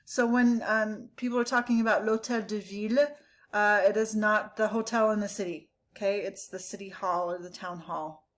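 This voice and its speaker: A woman teacher giving a recorded vocabulary lesson, explaining each word in English and slowly modeling its pronunciation. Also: mid-range voice, fairly even intonation. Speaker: French teacher.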